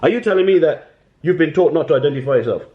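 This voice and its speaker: A man's voice: on the high side, lively intonation, racing, roomy sound. A man arguing on a recorded phone call, repeating taunts and insults. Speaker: caller arguing with a bailiff. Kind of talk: heated phone argument.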